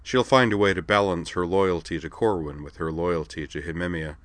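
Man doing a calm swordsman guy, deep low voice, measured and gently amused. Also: no echo. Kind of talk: audiobook character reading.

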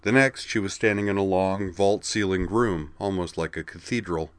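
A man with a very low voice reads a fantasy story aloud in a steady, even way. The recording is close and dry, with no room sound. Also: moderate pace, no room sound. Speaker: narrator. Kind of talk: storybook narration.

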